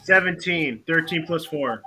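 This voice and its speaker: A man's voice: fairly high pitch, a little slow, sharp tone, soft background music. A man playing a tabletop game, asking the game master casual questions about his turn. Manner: casual, asks questions in character. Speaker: player.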